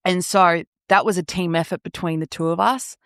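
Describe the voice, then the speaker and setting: A woman's voice: lowish voice, fairly even intonation, normal speed, no room sound. A woman guest on a podcast, talking earnestly and emphatically in a casual studio conversation. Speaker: podcast guest, former radio co-host.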